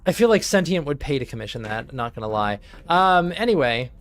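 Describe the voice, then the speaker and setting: A man's voice: medium pitch, sing-song, brisk. A man chatting casually on his live stream, rambling, swearing freely and laughing often. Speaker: streamer and game master.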